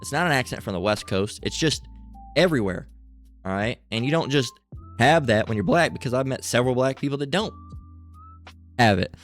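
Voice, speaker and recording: A man's voice: medium pitch, expressive, a little fast, pauses often, soft background music. A man giving casual religious commentary with an itchy throat, rambling and swearing, full of fillers and asides.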